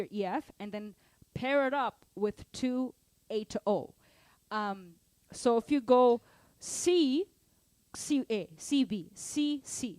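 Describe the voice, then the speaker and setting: A woman's voice: a little high, a little mellow, no room sound. A woman teaching a live online drum lesson, explaining exercises and counting beats aloud over her playing. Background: drum kit playing.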